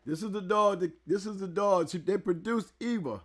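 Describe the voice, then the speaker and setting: A man hosting a casual talk show interview, excitable and loud, often repeating words as he speaks into a close mic. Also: high voice, moderate pace. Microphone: handheld mic held close.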